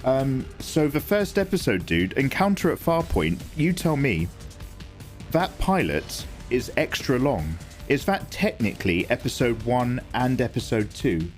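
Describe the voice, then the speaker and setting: Lively rambling man streaming. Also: medium pitch, a little slow, soft background music. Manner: lively, rambling, self-deprecating, reads chat aloud. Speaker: art streamer. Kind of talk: casual livestream chat while drawing.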